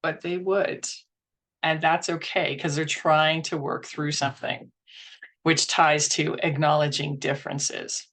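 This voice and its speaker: A woman's voice: low voice, little pitch movement, measured pace, fairly bright tone. A woman presenting a workshop in an earnest, instructional way, acting out inner thoughts as she teaches.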